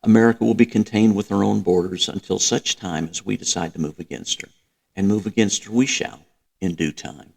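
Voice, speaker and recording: A man voicing a grandiose middle-aged dictator, speaking in a slow, emphatic rant. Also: lowish voice, creaky, darkish tone, slightly rough.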